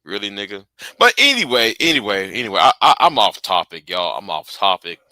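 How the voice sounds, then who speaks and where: Man, angry livestream rant, very bright sharp voice, dry close sound, profane, stumbling repeats. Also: fairly low pitch, sing-song, brisk, no room sound, poor audio. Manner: heated, profane, repeats and restarts words. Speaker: livestream host.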